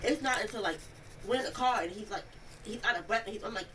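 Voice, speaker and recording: A young woman recounting an incident in an interview, telling it in a rambling, animated way and acting out the quoted speech. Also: medium pitch, fast talker. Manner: animated storytelling, acts out quoted speech, many "like" fillers. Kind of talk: rambling first-person account. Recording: distant mic, noisy room audio.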